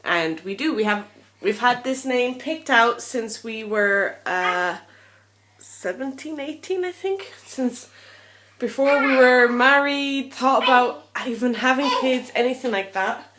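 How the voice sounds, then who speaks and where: A woman's voice: on the high side, expressive, slow, noisy background. A young woman chatting casually to camera in a vlog, tired and a little out of breath, rambling and frank with lots of ums. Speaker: vlogger.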